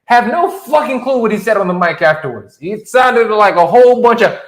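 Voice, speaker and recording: A man co-hosting a casual fight recap podcast, animated and profane, often laughing as he talks. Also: high voice, a little fast. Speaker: podcast co-host. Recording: roomy echo.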